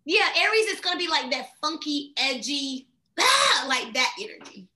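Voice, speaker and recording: A woman chatting casually about astrology in an animated, filler-heavy way. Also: high-pitched, normal speed. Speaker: astrology guest. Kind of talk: casual chat.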